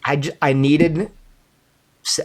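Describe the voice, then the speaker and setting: A man being interviewed as an author, explaining his ideas in a lively, storytelling way, often restarting phrases and acting out quoted voices. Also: a little high, slow. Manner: frequent restarts, thinks aloud. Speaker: interview guest, author and apologist. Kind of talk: casual interview conversation.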